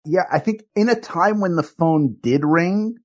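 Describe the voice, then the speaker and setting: A man co-hosting a podcast, telling rambling, excitable stories in casual chat. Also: on the high side, a little slow. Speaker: podcast co-host.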